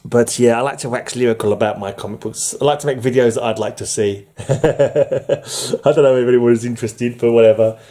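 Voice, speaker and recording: Male comic collector vlogging from home; mellow, rambling, chatty. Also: mid-range voice, fairly even intonation, brisk. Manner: rambling, chuckling, many fillers. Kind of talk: casual chat showing comics. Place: room at home under fluorescent light.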